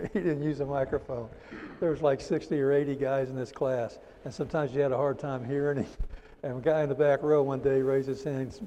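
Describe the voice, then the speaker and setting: A man teaching a church teacher-training class, repeating key terms slowly for notes and adding folksy "amen" asides. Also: medium pitch, mellow, in a large hall, a little hiss or hum. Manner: folksy, drops in "amen" and "praise the Lord".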